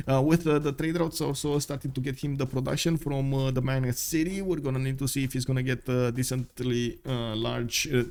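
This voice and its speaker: A man giving live commentary on a strategy video game, talking through it with many fillers and sudden bursts of surprise. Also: mid-range voice. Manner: many fillers, thinking aloud, bursts of excitement. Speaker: esports caster.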